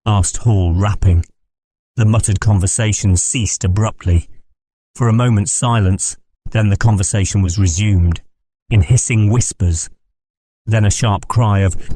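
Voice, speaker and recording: A man narrating an audiobook in a measured, steady reading. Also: on the low side.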